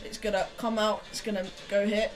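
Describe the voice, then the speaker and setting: A woman guiding her players through a tabletop session. She explains the rules calmly and patiently, with the odd stumble and restart. Music plays loudly in the background. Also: mid-range voice, a little fast. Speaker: dungeon master. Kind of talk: running a tabletop game session. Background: music playing in the background.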